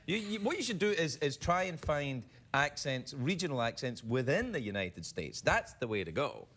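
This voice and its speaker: A man's voice: a little high, very animated, moderate pace, a little hiss or hum. A Scottish man hosting a late-night talk show, joking and teasing his guest and dropping into put-on accents. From Scotland. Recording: studio audience laughter behind. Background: loud studio audience.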